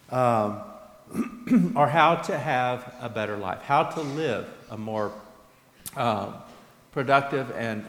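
A pastor giving a sermon in a church, earnest, pushing his questions up and letting his statements fall soft. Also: mid-range voice. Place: church sanctuary. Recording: echoey church hall with long reverb.

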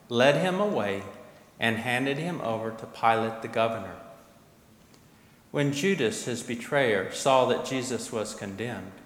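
A man narrating a scripture passage in a measured, solemn liturgical reading. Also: mid-range voice. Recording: echoey hall, long reverb.

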